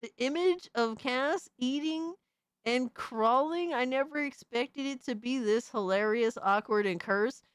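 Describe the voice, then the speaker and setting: A young adult woman streamer doing profane, excitable reaction commentary, often shrieking in disbelief. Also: sits high, measured pace, clear, resonant tone, no echo, clean studio sound.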